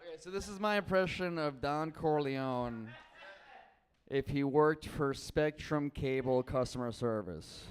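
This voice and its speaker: Halting, self-mocking male stand-up comic. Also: on the high side, clear, resonant tone. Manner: halting, self-deprecating, laughing at his own jokes. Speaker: stand-up comedian. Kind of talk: stand-up set.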